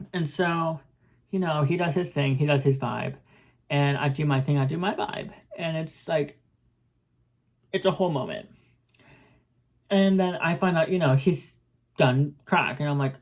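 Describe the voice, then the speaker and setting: A woman's voice: low-pitched, moderate pace. Young woman ranting thru a storytime, swears a lot, does little voices for people. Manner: animated, swearing, acts out quoted voices. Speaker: singer telling a storytime. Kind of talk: casual storytime vlog.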